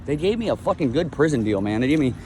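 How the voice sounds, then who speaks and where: Young guy from florida talking fast about his life, blunt and rambling, cars going by outside. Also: medium pitch, sing-song, warm tone, slight background noise. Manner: blunt, rambling, swears freely. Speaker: vlogger telling his life story. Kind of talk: casual storytelling monologue.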